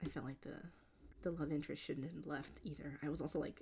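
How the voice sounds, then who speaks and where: A young woman vlogger chatting casually and rambling, with lots of filler words, frequent laughs and occasional dips into a soft whisper. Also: low-pitched, steady tone, fast talker, vocal fry, a little hiss or hum. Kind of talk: casual chat while drawing.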